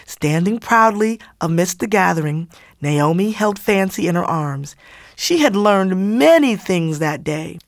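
A woman reading a children's story aloud in an expressive, animated way. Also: lowish voice, a little slow, no room sound, clean studio sound.

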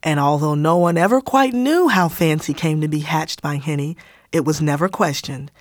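A woman reading a children's story aloud in an expressive, animated way. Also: low-pitched, moderate pace, dry recording.

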